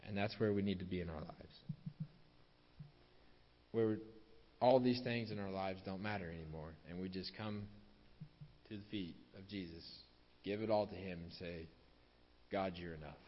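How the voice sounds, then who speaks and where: Low-voiced man preaching in an echoing hall. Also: normal speed, pauses often. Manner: repeats key phrases for emphasis, drops softer on closing lines. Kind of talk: sermon. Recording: dull lo-fi sound with long hall reverb.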